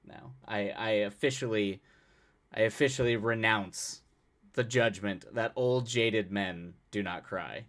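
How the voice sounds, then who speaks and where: Young guy streamer, kinda low voice, rambles and laughs at himself a lot. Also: measured pace, a bit bright. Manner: rambling, self-mocking, laughs often, many restarts. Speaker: livestream host. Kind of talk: casual chat with chat readers.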